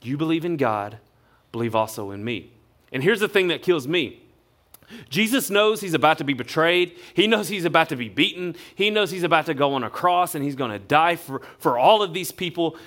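A male pastor, preaching a sermon in a relaxed, conversational storytelling way. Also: fairly high pitch, a little fast. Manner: conversational storytelling, acts out quotes.

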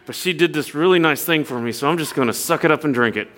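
A young pastor talks fast, with a voice a little on the high side, as he preaches a sermon. It is full of storytelling, animated impressions of others, and earnest appeals.

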